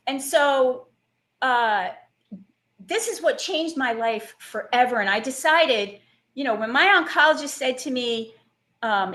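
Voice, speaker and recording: A high-pitched woman speaking as an interview guest. She tells her story with animated energy, lots of fillers and quoted dialogue. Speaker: guest, plant-based health coach.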